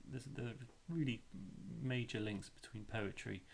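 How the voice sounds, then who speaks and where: A man's voice: medium pitch, normal speed, vocal fry, slight background noise. A male teacher explaining a lesson step by step, chanting rhythms aloud to show the beat.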